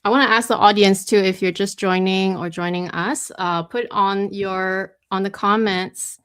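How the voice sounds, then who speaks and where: A woman's voice: mid-range voice, steady tone, normal speed, a bit bright, clean tone. A woman hosting a live talk show, chatting in a rambling way with lots of fillers and restarts. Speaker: host.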